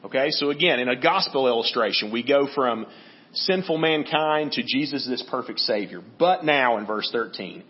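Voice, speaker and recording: A man's voice: medium pitch, moderate pace. A man preaching a sermon in a conversational teaching manner, often checking in with "right?". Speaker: pastor. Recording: dull lo-fi audio.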